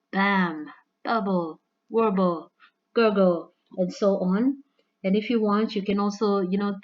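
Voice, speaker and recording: A woman's voice: mid-range voice, lo-fi sound. Chatty woman teaching an English lesson. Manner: conversational with frequent "all right" and "you know". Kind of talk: recorded classroom lesson.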